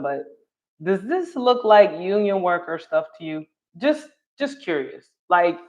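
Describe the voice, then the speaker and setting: A woman from North Carolina with a Southern accent, giving casual live-stream commentary in a chatty way, laughing often and correcting herself mid-thought. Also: fairly low pitch. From Charlotte, North Carolina. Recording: slightly dull lo-fi audio.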